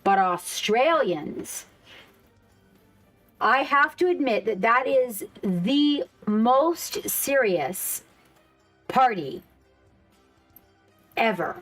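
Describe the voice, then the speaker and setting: Woman streamer rambling to chat, cusses a lot, kinda high voice, soft music in the back. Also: animated, drawn-out words, pauses often. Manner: chatty, swears freely, reads chat aloud. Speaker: live stream host. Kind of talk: casual live stream chat.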